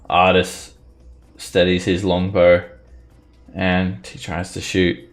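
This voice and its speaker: A man narrating a tabletop game as game master, playful and quick to laugh. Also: low-pitched, monotone, faint music behind. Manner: playful, laughing narration with shouted character lines. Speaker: dungeon master.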